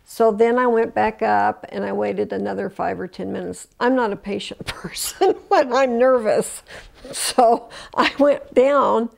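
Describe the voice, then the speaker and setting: A woman's voice: mid-range voice, vocal fry. An older woman in an oral history interview, telling her story with emotion, restarting often and acting out the voices she quotes. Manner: emotional retelling with many restarts.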